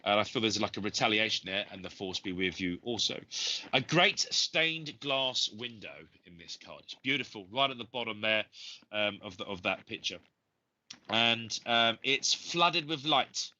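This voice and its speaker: Male medium host with a cold; rambling and gentle, sharp bright tone over dull stream audio. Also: on the low side, expressive, normal speed. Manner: rambling, gentle, many ums and uhs. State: has a cold. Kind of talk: live psychic reading show.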